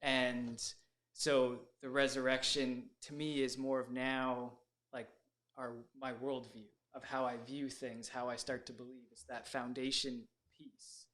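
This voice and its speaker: A man joins a casual faith discussion, speaking hesitantly and working through his thoughts out loud. His voice sits at an average pitch. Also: little pitch movement, unhurried. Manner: hesitant, thinking aloud. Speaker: participant in a church discussion.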